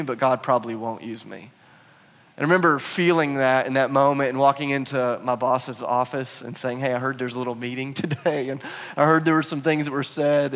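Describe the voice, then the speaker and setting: A man preaching a sermon, telling a personal story with animated, acted-out quotes. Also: medium pitch. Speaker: pastor. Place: church hall. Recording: long hall reverb.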